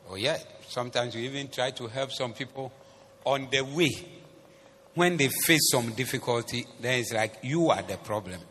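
A man preaching a sermon as the pastor. He switches between English and Twi phrases and swings from soft asides to loud, emphatic preaching. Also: mid-range voice, normal speed. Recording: long hall reverb with faint noise.

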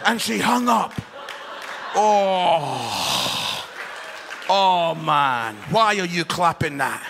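A man delivers an animated, loud sermon in a large church, his voice high and bright with a gravelly edge. Long hall reverb trails behind every line. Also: drawn-out words, long pauses, a faint crowd, slight background noise. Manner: animated, loud, often laughing and shouting. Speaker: preacher. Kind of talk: lively sermon with comic stories.

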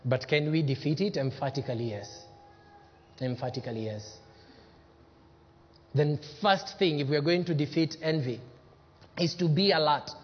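Male pastor with a high voice, preaching and acting out quotes, dull lo-fi recording. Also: normal speed, pauses often, slight background noise. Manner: preaching with acted-out quotes and sudden swings from loud to hushed. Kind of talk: sermon. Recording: dull lo-fi sound with long hall reverb.

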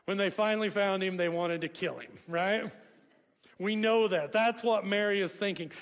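Long hall reverb fills this clip of a pastor preaching. He talks with the congregation conversationally, joking and chatting, in a high voice at a moderate pace.

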